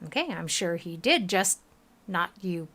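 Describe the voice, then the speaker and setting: A woman with a Southern US accent streams a game, chatting casually and reading its text aloud at a measured pace. Her husky voice is bright and swings lively in pitch, though she sounds tired.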